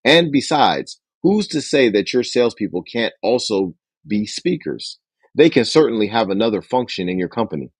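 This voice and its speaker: A man's voice: very animated, moderate pace, slightly rough, no echo, clean studio sound. A man hosting a book club, reading a business book aloud and acting out sample phone calls. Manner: acts out phone dialogue with raised pitch for characters.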